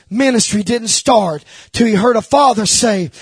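A male preacher with a very high, husky voice delivers an emphatic sermon. He shouts at the peaks and drops to hushed confession, repeating phrases for emphasis. The sound is close and dry. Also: moderate pace, hardly any pauses, no room sound.

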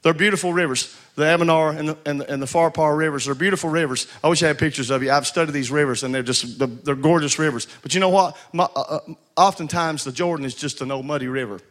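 Brief: a male pastor preaching with a tense, forceful edge and stumbling repetitions. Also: on the high side, fairly even intonation, fast. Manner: exhorting, repeats and stumbles over words, calls for responses. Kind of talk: sermon.

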